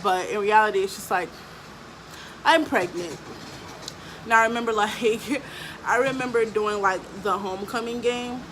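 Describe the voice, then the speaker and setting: A woman's voice: medium pitch, fairly quick, background noise. Blunt, foul-mouthed young woman vlogger. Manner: blunt, profane, animated storytelling with frequent fillers. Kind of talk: casual storytelling vlog.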